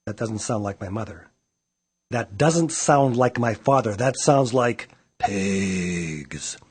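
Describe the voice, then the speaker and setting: A man voicing a stubborn little farm girl who talks in bossy exclamations, with a husky voice. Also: on the low side, lively intonation, takes it slowly, exaggerated voice. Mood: puzzled.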